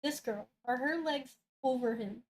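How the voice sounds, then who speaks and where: Give me a relaxed, giggly woman chatting casually. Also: high-pitched, measured pace, slight background noise, rough recording. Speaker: streamer's sister. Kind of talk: casual chat.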